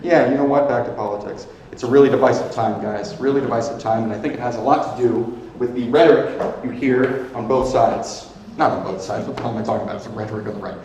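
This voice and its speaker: A man's voice: medium pitch, quick pace, slight background noise. A man doing a stand-up comedy set, rambling loosely and laughing at his own jokes. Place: comedy club stage. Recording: echoey club with loud crowd.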